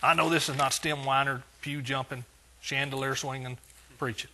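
A man's voice: medium pitch, fairly even intonation, normal speed, noisy background. A male pastor preaching a conversational sermon, asking his congregation rhetorical questions.

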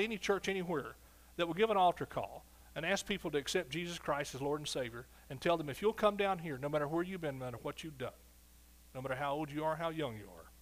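Emphatic preaching man, fairly high voice. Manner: emphatic, rising to loud preaching, asks the congregation for response. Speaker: pastor. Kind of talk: sermon.

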